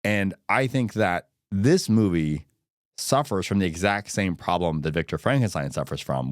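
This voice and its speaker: Low-voiced man, animated film podcast chat. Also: no room sound, clean studio sound. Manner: animated, quick bursts with frequent restarts. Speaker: podcast co-host. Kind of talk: casual film discussion.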